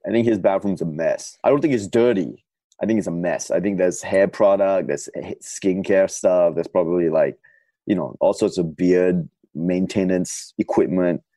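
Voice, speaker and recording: A man's voice: low-pitched, normal speed, dark tone, dry recording. A laid-back man co-hosting a casual comedic chat over a video call, laughing often.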